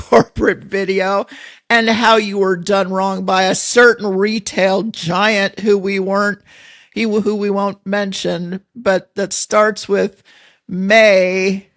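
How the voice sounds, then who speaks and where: A woman's voice: medium pitch, no echo, studio quality. A middle-aged woman hosting a podcast, chatting in a folksy, rambling way and laughing often. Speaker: podcast host. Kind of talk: casual rambling monologue.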